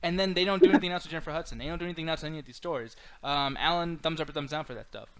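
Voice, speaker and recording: A man hosting a casual movie review chat, animated and profane, prompting the others for verdicts. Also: on the high side, very fast, over a noisy crowd. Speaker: host.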